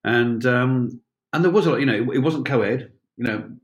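A man's voice: mid-range voice, moderate pace. A man in his sixties, a former police officer telling wry, rambling stories with many fillers and restarts. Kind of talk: anecdotal storytelling.

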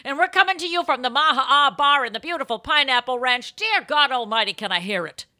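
A young woman hosting a comedy podcast, chatting loudly and breaking into giggles. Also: high voice, lively intonation, fairly quick. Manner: giggly, loud, bursting into laughter. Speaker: podcast host. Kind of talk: casual comedy podcast chat.

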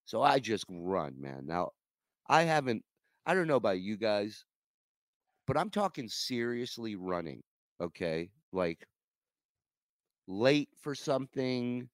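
Picture a man in his forties telling a comic travel story on his podcast, swearing freely and slipping into the voices of everyone in it. His pitch swings widely as he talks, and the sound is dry and close. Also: slow pace, pauses often, no echo. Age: 40s. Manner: animated, profane, acts out quoted people. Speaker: podcast host. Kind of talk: comedic storytelling.

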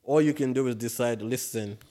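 Fast-talking man giving blunt advice. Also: mid-range voice, darkish tone. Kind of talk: casual chat.

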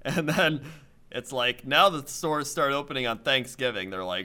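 Young man with dry, lively quips. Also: medium pitch, normal speed. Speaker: co-host. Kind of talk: casual comedic chat.

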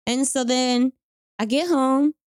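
A young woman in her twenties from North Carolina telling a personal story in casual chat, animated and full of "like". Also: high-pitched, slow, smooth, no echo, clean studio sound. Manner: animated, lots of "like", acts out quoted voices.

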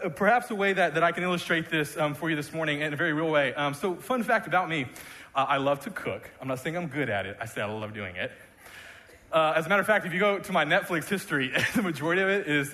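A man's voice: fairly high pitch, sharp tone. A man preaching a sermon in a church, conversational and jokey with many restarts. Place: church sanctuary. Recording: long reverb of a church hall.

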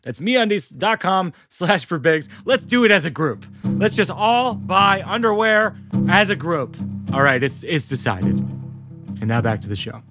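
A man's voice: high voice, animated, unhurried, music in the background. A man hosting a podcast, chatting casually and enthusiastically, and reading an ad in a joking way. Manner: enthusiastic, encouraging. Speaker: podcast host. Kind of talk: casual podcast chat and host-read ad.

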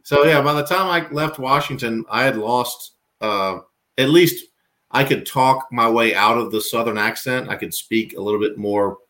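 Guy from virginia rambling on a podcast, jokey, trips over his words, middle pitch. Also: moderate pace, sharp tone. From Virginia, US South. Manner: rambling, self-mocking, stammers restarts. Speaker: podcast guest. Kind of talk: casual interview chat.

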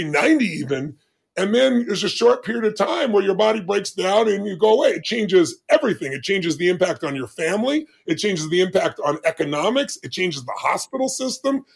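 Gravelly man in his 60s, high for a man, podcast guest, emphatic dramatic storyteller. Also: big pitch swings, brisk. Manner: emphatic, dramatic storyteller with big swings of pitch. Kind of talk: animated storytelling in conversation.

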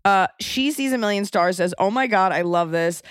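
A woman's voice: mid-range voice, normal speed, clean tone, no echo, clean studio sound. A woman hosting an interview, with a gushing, giggly and candid way of talking. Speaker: podcast host. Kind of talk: casual interview chat.

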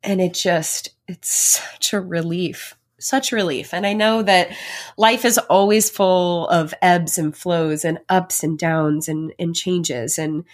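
A woman's voice: fairly low pitch, fairly even intonation, slow. A pregnant woman hosting her own podcast, talking in a heartfelt, reflective way, chatty and full of fillers. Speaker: podcast host. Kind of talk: personal solo podcast.

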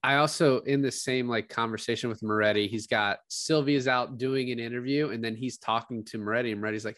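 A man's voice: medium pitch, fairly quick, few pauses, dry recording, studio quality. A man co-hosting a podcast, talking casually about a film and acting out its lines with bursts of laughter. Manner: animated, acts out quotes from scenes with laughs. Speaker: podcast co-host. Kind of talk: casual movie discussion.

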